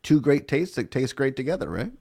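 A man's voice: mid-range voice, sing-song, brisk, vocal fry, warm tone, breathy edge. A middle-aged man hosting a casual local radio call-in show, upbeat and chatty. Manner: upbeat, chatty, repeats phone numbers. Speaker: radio host.

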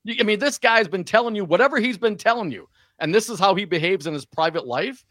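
A man's voice: sits high, expressive, fast, fairly bright tone, dry recording, clean studio sound. Indignant, stammering radio co-host man. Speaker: radio talk show co-host. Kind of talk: opinionated talk radio banter. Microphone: studio microphone.

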